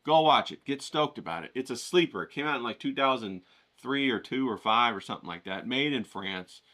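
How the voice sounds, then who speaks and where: Energetic, profane man coaching writers. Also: mid-range voice, fairly quick. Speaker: writing challenge host. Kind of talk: casual motivational lesson.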